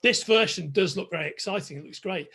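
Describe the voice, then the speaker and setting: Man, host, excitable, chatty, husky voice, fairly high pitch. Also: a little fast. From Liverpool, England. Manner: excitable, talkative, restarts often. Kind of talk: enthusiastic casual interview chat.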